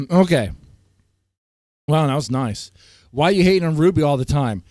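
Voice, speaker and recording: A male streamer rants at his chat in a high, lively voice that leaps from shouted outbursts down to low mutters. His voice sounds strained, and he keeps clearing his throat. The sound is close and dry. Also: a little slow, no echo. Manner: heated, swings from loud outbursts to low muttering. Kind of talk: ranting livestream commentary to chat.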